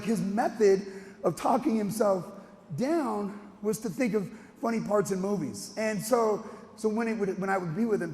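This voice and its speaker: An animated man tells a personal story in a rambling way, restarting his sentences and laughing between them. His voice runs high with a gravelly edge. It rings out with a long hall reverb. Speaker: speaker telling a personal story.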